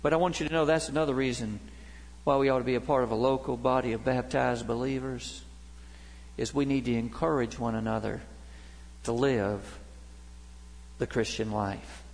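A middle-aged pastor delivers a storytelling sermon in a church sanctuary, his voice rising and falling as he goes. It's a gravelly, medium-pitched voice with a steady tone and normal speed, and a big hall's long reverb surrounds it.

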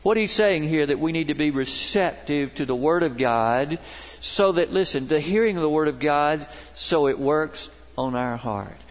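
Folksy pastor preaching in a reverberant hall. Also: male voice, on the high side, measured pace. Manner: folksy storytelling preacher, emphatic. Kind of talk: sermon. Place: large worship center.

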